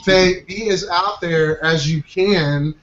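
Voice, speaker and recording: A man's voice: high voice, slow pace, a bit bright. A man hosting a casual group call, talking in an upbeat, encouraging way with many fillers. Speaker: host of a marketing coaching group call. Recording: dull, roomy call audio with faint noise.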